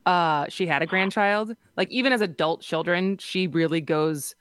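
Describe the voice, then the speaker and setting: Radio co-host, woman in her thirties, chatty storyteller, lowish voice, dry sound. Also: moderate pace, no echo. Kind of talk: casual radio chat. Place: radio studio. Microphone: studio microphone.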